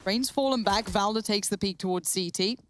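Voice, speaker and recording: A woman's voice: medium pitch, fairly quick, a bit bright, slight background noise. A woman giving fluent, analytical play-by-play on a live esports match. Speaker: esports caster.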